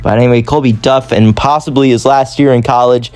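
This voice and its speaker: A man's voice: mid-range voice, fairly even intonation, fairly quick, a little mellow, smooth. A man giving casual gameplay commentary, rambling and often correcting himself. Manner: rambling, self-correcting, chatty. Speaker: gaming YouTuber.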